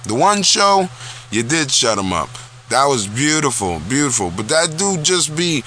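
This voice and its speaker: A man's voice: a little high, very animated, unhurried, sharp tone, a little hiss or hum. A man ranting bluntly and profanely to his camera, repeating himself for emphasis. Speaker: vlog host. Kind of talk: casual profane rant. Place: small town.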